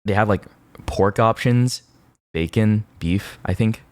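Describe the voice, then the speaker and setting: Deep-voiced young man rambling to his chat. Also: takes it slowly, no room sound. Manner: rambling, laughing, self-mocking, lots of fillers. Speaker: streamer. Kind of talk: casual chat with chat viewers.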